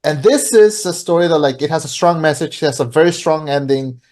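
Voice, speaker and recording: A man's voice: a little high, a little fast, a little mellow. A podcast co-host chatting casually as he retells a film's plot, with many fillers and restarts.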